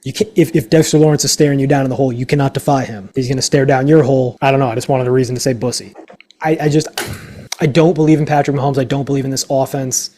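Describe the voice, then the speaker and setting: Ranting profane man, mellow voice. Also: medium pitch, steady tone, fast, a little hiss or hum. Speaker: podcast co-host. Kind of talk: casual sports betting chat.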